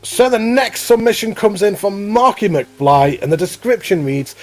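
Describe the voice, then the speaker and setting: A man co-hosting a relaxed showcase of contest entries, chatting upbeat and praising each one. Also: sits high, normal speed, hardly any pauses, faint music behind. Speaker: co-host. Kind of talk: casual chat commentary on contest entries.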